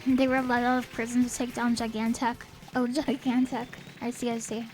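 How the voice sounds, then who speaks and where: A woman's voice: on the high side, level tone, moderate pace, darkish tone, poor audio. A woman streamer chatting in a rambling, playful way while playing a game, a little sniffly. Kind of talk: casual game stream chat. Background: faint game music.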